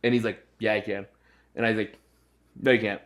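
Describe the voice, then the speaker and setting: A man's voice: on the low side, flat delivery, fairly quick, fairly bright tone. A young man co-hosting a podcast, telling a story in casual chat and acting out his friends' voices. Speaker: podcast co-host.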